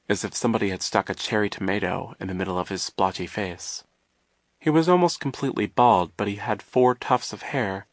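Low-voiced man narrating an audiobook. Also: no echo, studio quality. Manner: wry, measured storytelling.

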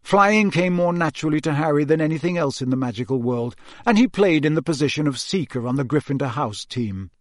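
A man narrating an audiobook in an even, calm storytelling voice. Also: on the high side, a little fast, hardly any pauses, dry recording, clean studio sound. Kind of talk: scripted narration.

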